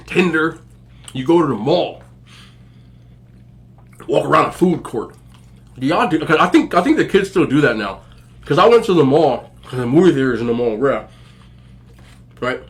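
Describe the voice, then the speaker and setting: A man in his forties telling stories to viewers in a relaxed, joking way, laughing often and using plenty of slang. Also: mid-range voice. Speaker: mukbang host. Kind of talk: casual storytelling to viewers.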